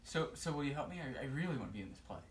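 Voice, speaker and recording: A man's voice: on the high side, expressive, very fast, distant mic, natural voice. A young man playing a clueless, overconfident boy who mangles French in a school comedy skit, stammering and goofy. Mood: pleading.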